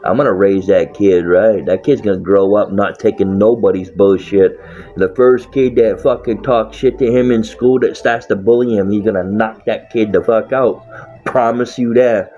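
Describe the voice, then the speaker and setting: A very low-voiced man rambling casually and bluntly, swearing constantly and breaking into laughs. The sound is dull and lo-fi, like a cheap mic. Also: fairly even intonation, normal speed, warm tone. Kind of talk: casual profane monologue.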